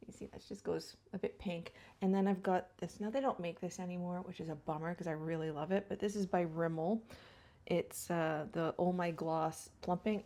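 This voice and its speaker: A woman's voice: lowish voice, mellow. A middle-aged woman chatting through a get-ready-with-me beauty vlog, rambling and laughing, sometimes dropping to a whisper. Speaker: beauty vlogger. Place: home.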